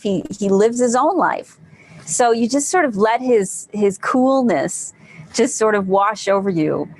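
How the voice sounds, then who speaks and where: A woman's voice: fairly high pitch, a little hiss or hum. A woman hosting a live online group session, talking casually and encouragingly, repeating phrases for emphasis. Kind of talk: casual live-stream talk.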